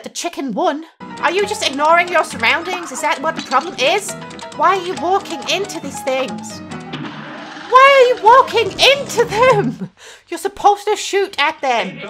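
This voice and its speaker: A woman with a high voice talks over game footage in loose, sarcastic commentary. She sounds exasperated and swears freely. Music plays clearly behind her. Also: sharp tone. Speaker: gaming YouTuber reacting to a video. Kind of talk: casual reaction commentary.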